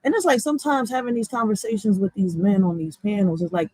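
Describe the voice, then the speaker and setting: A woman from Philadelphia with a Philly accent, ranting bluntly and with a lot of swearing, going from loud outbursts to low muttering. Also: steady tone, fast talker, breathy edge, no echo, poor audio. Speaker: vlogger. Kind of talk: heated profane rant.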